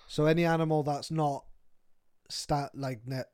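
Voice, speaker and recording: Chatty young man with a mellow voice. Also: on the high side, fairly even intonation, a little slow, clear, resonant tone, no room sound, studio quality. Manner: chatty, easily amused. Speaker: podcast co-host. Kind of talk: casual chat.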